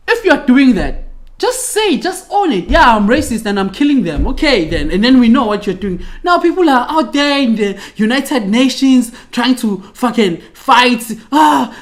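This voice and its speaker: A young South African man hosting a podcast in a casual chat, ranting in a heated, profane and slangy way. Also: high voice. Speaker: podcast host.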